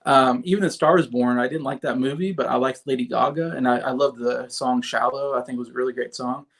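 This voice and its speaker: A man's voice: medium pitch, fairly even intonation, a little fast, gravelly, a bit bright. Rambling man reviewing movies on a livestream. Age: 30s. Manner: rambling, with many fillers and restarts; chats with viewers in the comments.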